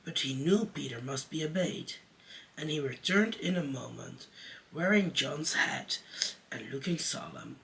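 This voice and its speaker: A man who performs as a drag queen reads a children's story aloud at a slow, deliberate pace. His tone is bright and crisp, and he sits a little back from the microphone. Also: a little high, lively intonation, recorded from a distance, rough recording.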